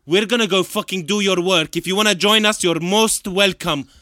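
A man voicing a foul-mouthed adventurer who speaks forcefully and insists on being believed. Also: sits high, normal speed, no echo, studio quality, pitched above the performer's own voice. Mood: insistent.

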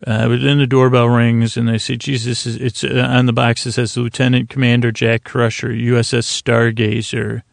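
A man's voice: mid-range voice, flat delivery, vocal fry, dry recording, clean studio sound. A man hosting a sleep podcast, recapping a TV episode in a meandering, hesitant way with lots of fillers and restarts. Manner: mild, drowsy, unhurried delivery. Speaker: podcast host.

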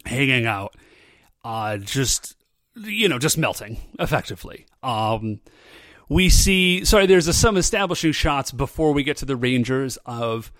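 Animated and unhurried, a man with a mid-range, slightly bright voice hosts a podcast and recaps an episode in a loose, rambling way. He fills it with "um" and "like" and laughs frequently, and the studio-quality audio has no echo.

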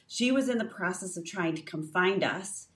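A woman co-hosting a faith podcast, telling a personal story in a lively way with frequent fillers and restarts. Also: fairly low pitch, normal speed, distant mic. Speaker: podcast co-host. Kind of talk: casual faith podcast chat.

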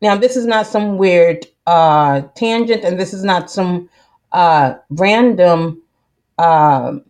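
A woman's voice: on the low side, slow, darkish tone. A woman hosting a podcast in a casual monologue, emphatic and preachy, rambling with many fillers and restarts and often cutting in with "listen". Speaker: podcast host.

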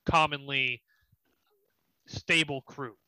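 Bright-voiced man narrating a tabletop game. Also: medium pitch, steady tone, clear, resonant tone, no room sound. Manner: descriptive, halting with fillers. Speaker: dungeon master. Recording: slightly muffled dry recording.

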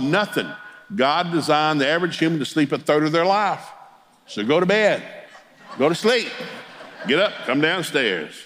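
A middle-aged Pentecostal preacher chuckles as he tells humorous family stories in a folksy, storytelling sermon. His voice is mid-range and a bit bright.

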